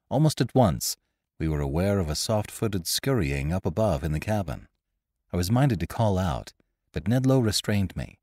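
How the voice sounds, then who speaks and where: Low-pitched guy reading an old adventure story, super animated, dry close sound. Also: no room sound. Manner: expressive, lively reading with character voices. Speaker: narrator and host. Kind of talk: scripted storytelling narration.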